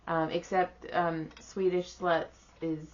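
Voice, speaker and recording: A woman's voice: lowish voice, flat delivery, slow. A woman in her thirties, co-hosting a casual podcast, joking bluntly and swearing freely. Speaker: podcast co-host. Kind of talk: casual chat. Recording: dull lo-fi podcast audio.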